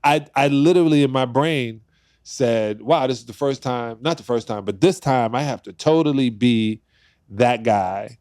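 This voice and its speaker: Lively storytelling man, low warm voice. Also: moderate pace, no echo, clean studio sound. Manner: acts out quoted voices, laughs while telling stories. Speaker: podcast guest. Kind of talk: animated storytelling in conversation.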